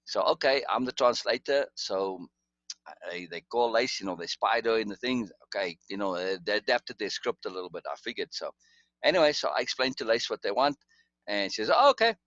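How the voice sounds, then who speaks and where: A man's voice: fairly low pitch, expressive, brisk, fairly bright tone, no echo, lo-fi sound. A man telling stories in casual chat, rambling, restarting often and chuckling. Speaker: storyteller.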